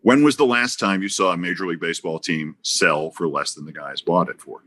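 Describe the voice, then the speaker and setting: A man's voice: low-pitched, brisk, fairly bright tone, slight background noise. A man guesting on a podcast, telling anecdotes with big swings in his voice and acted-out quotes. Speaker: guest broadcaster.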